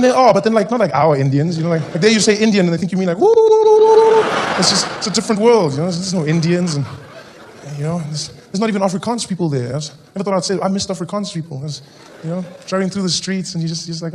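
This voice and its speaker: South African male comic on a stage mic, animated storyteller, high voice, faint hiss. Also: very fast. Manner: animated storytelling, acts out characters. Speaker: stand-up comedian. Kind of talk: stand-up comedy.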